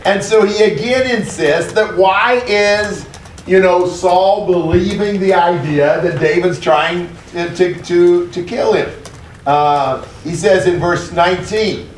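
A man's voice: high-pitched, takes it slowly, slight background noise. A man leading a Bible study group, explaining a passage in a loose, conversational way with many fillers. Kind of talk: casual Bible study discussion. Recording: echoey room, far from mic.

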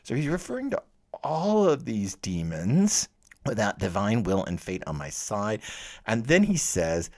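A man giving a relaxed, chatty literature lecture. His voice sits a little low, and he slips into animated readings of quoted lines. He keeps an easy conversational flow. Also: a little slow. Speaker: lecturer on Dante.

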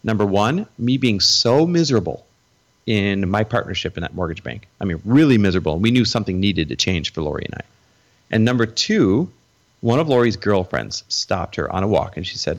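A man's voice: mid-range voice, lively intonation, brisk. A middle-aged man telling his story as a guest in an interview, acting out the voices of the people he quotes.

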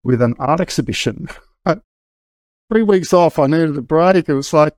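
Animated and fairly high in pitch, this middle-aged man's slightly mellow voice moves at a moderate pace. As an interview guest he tells his story candidly and casually, with frequent hesitations and restarts, and no echo.

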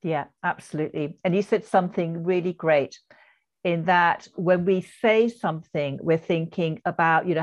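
A woman's voice: lowish voice, moderate pace. English woman, business coach guest, earnest and encouraging, somewhat muffled lo-fi sound. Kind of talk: podcast interview.

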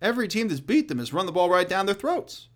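Man hosting a solo sports talk show, fairly high voice, blunt, swears freely, loud then quiet. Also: fast talker. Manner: blunt and profane, riffing with laughs; animated, swings between loud and quiet. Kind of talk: casual solo sports commentary.

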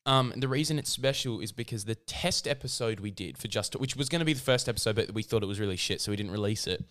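A man's voice: on the low side, fast talker, a bit bright, no room sound, clean studio sound. A young man, a podcast co-host in casual chat, laid-back and joking, laughing often. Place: home room. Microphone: podcast mic.

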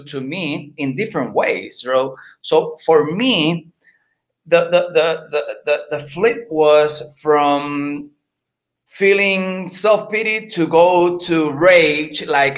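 Earnest, halting middle-aged man. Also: on the high side, a bit bright. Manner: earnest, halting, with many repeated words. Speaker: guest. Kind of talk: candid personal interview.

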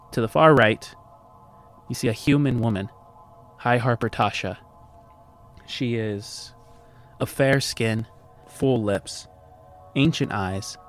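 Slow, low-voiced male game master. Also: a bit bright. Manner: descriptive and unhurried. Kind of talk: narrating a tabletop game.

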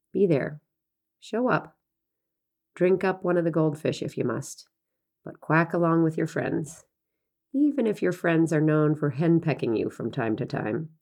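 A woman farmer narrating a personal essay in an unhurried, reflective reading. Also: low voice, warm tone.

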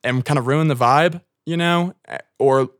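A man's voice: on the high side, moderate pace, no echo. Rambling young man, dry close sound. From United States. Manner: rambling, heavy filler words, frequent swearing. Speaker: guest. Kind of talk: casual podcast chat.

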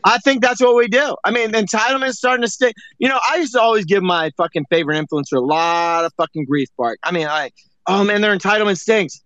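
A man's voice: sits high, fairly even intonation, quick pace, few pauses, a bit bright, no room sound. A man co-hosting an online audio chat, ranting in a profane, exasperated way over a dull lo-fi stream. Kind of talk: heated casual chat.

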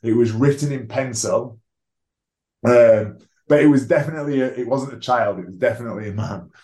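A rugby league player guesting on a podcast recounts his story at a fairly quick clip, his medium-pitched voice carrying a dark tone. He swears freely and stays frank and self-deprecating throughout this candid, conversational account, recorded with a roomy echo.

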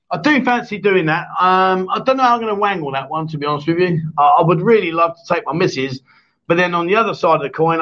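Picture a man with a notably high voice running a casual live-stream chat show. He rambles, jokes and ribs his co-host between viewer comments. The audio sounds dull and lo-fi, like a stream mic. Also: fairly bright tone. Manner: joking, teasing, rambling.

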